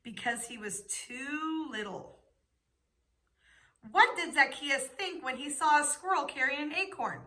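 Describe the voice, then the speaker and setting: A woman's voice: high-pitched, lively intonation, a little slow, sharp tone. A woman teaching young children, patiently asking questions and giving the answers. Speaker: preschool teacher.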